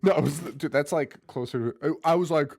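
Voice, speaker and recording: A man's voice: on the high side, fairly quick, a little mellow. A young man co-hosting a casual podcast, swearing freely, laughing often and slipping into goofy impressions. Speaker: podcast co-host.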